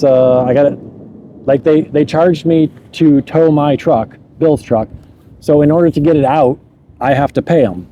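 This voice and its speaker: A man telling a true story from his own life in a casual way, chuckling at his mishaps and stumbling over words as he rushes ahead. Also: a little high, mellow, dull audio.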